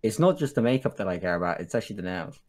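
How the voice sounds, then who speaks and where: A man with an ordinary mid-pitched voice, chatting as a guest on a stream. His replies come out dry and deadpan. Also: rapid-fire. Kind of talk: casual chat on a stream.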